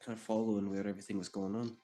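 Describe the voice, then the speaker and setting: Man, tabletop player, casual and halting, lowish voice, faint music. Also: little pitch movement, warm tone. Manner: casual, hesitant. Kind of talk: tabletop play.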